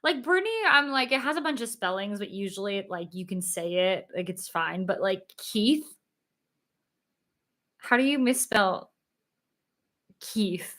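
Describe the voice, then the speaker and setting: A woman's voice: medium pitch, animated, measured pace, long pauses. A young woman chatting casually on a livestream, reading viewer comments, giggling and filling with "like", a little tired. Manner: chatty, giggly, lots of fillers. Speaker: livestream host.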